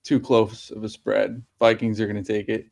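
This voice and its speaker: A man's voice: on the low side, flat delivery, moderate pace, vocal fry, darkish tone. A man chatting casually about football as a co-host, offhand and easygoing. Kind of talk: casual sports chat.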